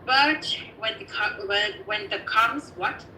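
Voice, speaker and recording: A woman learning English who is excitable and amazed, reading practice text aloud haltingly in casual study chat. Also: medium pitch, noisy background. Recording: echoey room, distant mic.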